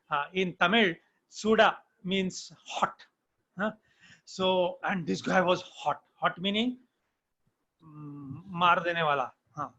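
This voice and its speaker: A man's voice: high-pitched, a bit bright, highs cut off. A man, telling stories in an online lecture and often asking "huh?" of his listeners. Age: 60s. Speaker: management professor.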